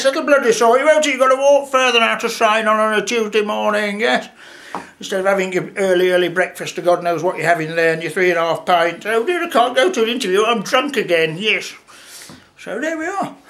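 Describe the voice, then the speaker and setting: A man's voice: high-pitched, a bit bright. A man with an English accent playing a grumbling older male politician who rambles through a sarcastic comic rant in an empty room. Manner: moaning, rambling rant with mock-official asides. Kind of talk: comic character monologue.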